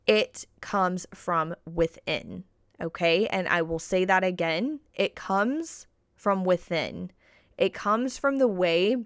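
Woman coach, smooth voice, dry close sound, chatty motivational talk, keeps checking in with "right?". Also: on the low side, fairly bright tone, no room sound. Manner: checks in with listeners constantly, "right?" and "okay?"; repeats key points for emphasis. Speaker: body-confidence coach. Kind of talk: casual motivational podcast talk.

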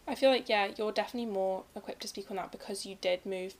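A woman's voice: mid-range voice, fast. A young woman from England in a casual chat, talking in a chatty, thoughtful way with lots of fillers.

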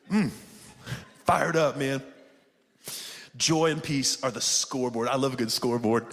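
A man's voice: on the high side, normal speed, a bit bright. A man preaching a sermon with fervor, calling out to his congregation and often saying "man". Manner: fervent, calls out to the congregation, often says "man". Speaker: pastor. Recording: reverberant hall sound.

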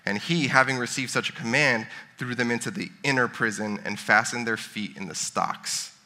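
A man's voice: medium pitch, moderate pace, sharp tone. A man in his thirties giving a casual sermon, chatting and joking with the congregation. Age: 30s. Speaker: pastor.

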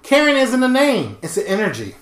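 A man's voice: extremely high pitch, a little fast, roomy sound. A man co-hosting a casual podcast chat, telling stories with lots of swearing and laughter. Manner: animated, profane, laughing storyteller. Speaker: podcast co-host.

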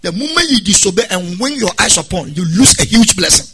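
Male pastor, sermon, husky and bright, loud sung-out preaching. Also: high-pitched, very animated, fairly quick. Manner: preaching with sudden loud exhortations and sung phrases.

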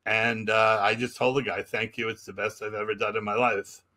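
A man's voice: lowish voice, flat delivery, normal speed, pushed and bright. A man co-hosting a comedy podcast, telling a self-deprecating story and acting out the dialogue. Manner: self-deprecating, plays both sides of dialogue. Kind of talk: casual chat, storytelling.

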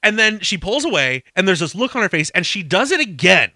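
A man co-hosting a podcast, recapping a show in casual chat, animated and swearing freely as he acts out the characters' lines. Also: high voice, brisk, no room sound, clean studio sound. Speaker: podcast co-host.

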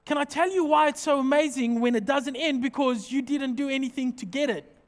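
A man preaching a sermon as pastor, animated and jokey, acting out small everyday scenes as he talks. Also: extremely high pitch, a little fast, in a large hall.

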